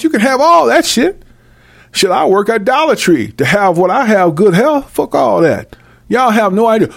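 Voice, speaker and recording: A man giving a freewheeling, profane Bible commentary, brash and mocking, swinging between loud outbursts and low mutters. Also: creaky. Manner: brash, mocking and full of cursing. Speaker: self-styled preacher.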